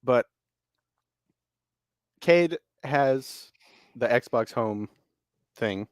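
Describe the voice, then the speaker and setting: A man co-hosting a casual chat, telling animated gaming stories, swearing freely and laughing often. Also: medium pitch, drawn-out words, dry recording, studio quality. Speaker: podcast co-host.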